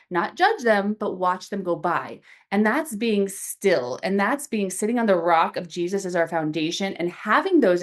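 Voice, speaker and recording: Woman, podcast guest, earnest faith-based explaining, lively asides, mid-range voice. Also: medium pitch. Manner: earnest, lively, acts out little dialogues. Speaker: podcast guest, founder of a reset program.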